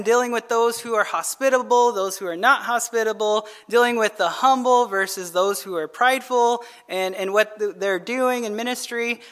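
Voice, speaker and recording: A man's voice: high voice, a bit bright. A male pastor preaching a midweek sermon in a loose conversational way, asking "right?" over and over and adding jokey asides to the congregation.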